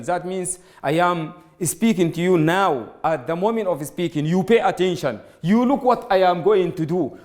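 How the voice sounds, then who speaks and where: Male English teacher, Arabic native speaker, slightly high voice, slow patient delivery to a class. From Sudan. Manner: slow, repetitive explaining, addresses students directly. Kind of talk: classroom grammar lesson.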